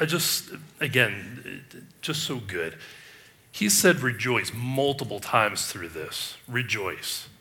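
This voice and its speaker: Male preacher with a bright, forceful voice; emphatic sermon delivery with restarts. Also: lowish voice. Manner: emphatic, rhetorical questions, frequent restarts. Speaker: pastor.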